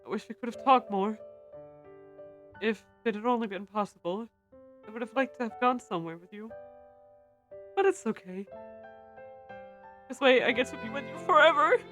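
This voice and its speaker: A woman reading aloud the farewell letter of a gentle young man who is dying, in a soft, earnest way. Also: a little high, animated, normal speed, pauses often, faint music behind. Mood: tender.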